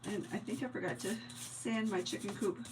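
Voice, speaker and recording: A chatty woman with a mixed New Jersey and Long Island accent, softened by years in Indiana, talks her viewers through a craft project. She thinks out loud and laughs easily. Sanding and rubbing noises come through clearly behind her. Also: mid-range voice, fairly quick, noisy background. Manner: chatty, laughs often, thinks aloud while working. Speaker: crafting livestream host. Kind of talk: casual craft-along chat.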